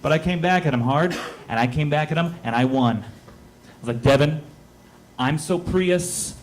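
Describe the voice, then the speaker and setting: A man performing a stand-up comedy set on a club stage into a handheld mic, telling stories deadpan and acting out the voices of the people in them. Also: on the high side, brisk. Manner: deadpan storytelling with acted-out voices.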